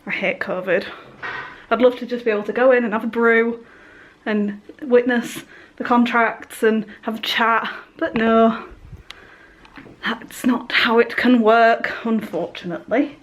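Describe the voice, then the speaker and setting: A young English woman in her twenties chatting casually to the camera in her weekly vlog, self-mocking and quick to giggle. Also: on the high side, level tone, rough recording. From England. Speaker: vlogger.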